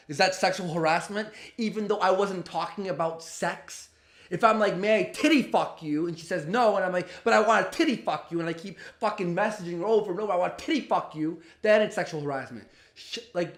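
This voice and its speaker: A man with a high voice rants through a reaction commentary, exasperated and profane. He mocks what he hears. The room around him rings with echo. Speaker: commentary host. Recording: roomy echo.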